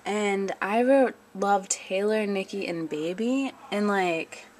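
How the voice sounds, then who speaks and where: A woman's voice: mid-range voice, slow, darkish tone. A young woman chatting casually in a home vlog, giggly and full of ums and likes. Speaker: vlogger.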